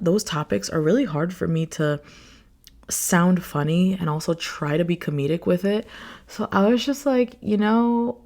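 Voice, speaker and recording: Gravelly-voiced young woman podcaster. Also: fairly low pitch, darkish tone. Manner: rambling and candid, heavy on fillers. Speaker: podcast host. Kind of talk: casual solo podcast chat.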